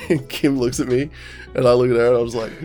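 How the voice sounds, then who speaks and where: A man in his thirties tells a story on his podcast at a lively clip, swearing freely and laughing as he goes. His voice sits in an ordinary middle range. A faint bed of music runs underneath. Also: mid-range voice, brisk. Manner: animated storyteller, swears a lot, laughs often. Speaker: podcast co-host. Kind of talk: casual chat.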